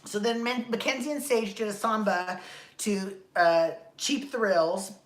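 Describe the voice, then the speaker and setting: A woman's voice: mid-range voice, steady tone, a little slow, roomy sound. A woman hosting a podcast, recapping a dance show in a rambling, exasperated, profane rant, her throat dry and coughing. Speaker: podcast host.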